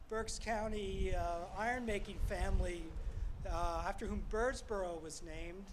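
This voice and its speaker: A man's voice: high voice, a little hiss or hum, rough recording. Older man giving a wry outdoor speech. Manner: wry, self-deprecating humorous storytelling. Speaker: ornithology club past president speaking at a ceremony. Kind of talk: ceremony speech. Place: outdoor street-corner ceremony.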